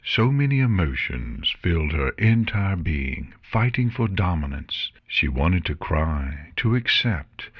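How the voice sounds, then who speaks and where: A male audiobook narrator with a very low voice, reading in a measured, somber way. His pace is unhurried, and the recording is close and dry. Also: breathy edge, dry recording. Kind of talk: audiobook reading of fan fiction.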